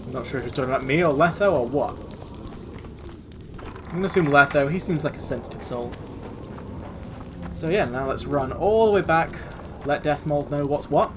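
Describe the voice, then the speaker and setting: A man's voice: fairly high pitch, animated, normal speed, long pauses, background noise. A man streaming a video game, giving sarcastic, rambling, sweary commentary. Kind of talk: let's-play commentary.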